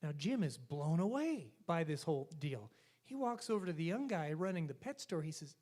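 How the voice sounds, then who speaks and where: A man's voice: fairly high pitch, moderate pace. A man leading a swing band, telling jokes and chatting with a church concert crowd. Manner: joking, animated storyteller. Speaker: bandleader and singer. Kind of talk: live stage banter and joke telling. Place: church stage.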